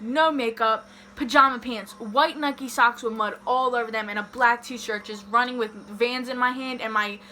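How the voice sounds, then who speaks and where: A young woman vlogger telling a story in a casual, animated way, swearing freely and saying "like" a lot. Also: fairly high pitch, a little hiss or hum.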